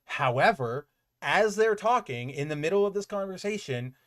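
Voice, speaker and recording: A man hosting a comic book podcast, recapping an issue in casual, animated chat, filling his talk with "like" and swearing freely. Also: high-pitched, moderate pace, slight background noise.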